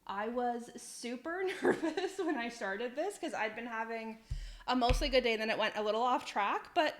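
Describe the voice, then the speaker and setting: A young woman in her twenties chats on a live cooking stream from her home kitchen. She laughs often and swears freely as she talks, in a voice pitched a bit high. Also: moderate pace. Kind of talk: casual live-stream chat.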